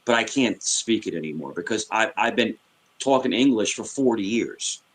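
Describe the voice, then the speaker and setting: A man in his fifties from New York City, with a New York accent, rambles through casual chat and often restarts his sentences. His voice is on the low side and expressive, at a normal speed.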